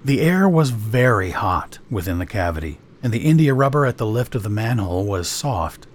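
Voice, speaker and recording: A man narrating an audiobook story in an expressive storytelling manner. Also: on the low side, normal speed, slight background noise.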